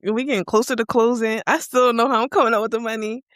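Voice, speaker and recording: A young woman from Philadelphia, a guest on an interview, telling her story candidly and acting out her own past dialogue with lively energy. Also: a little high, fast, no echo, studio quality. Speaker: guest, accountant and entrepreneur.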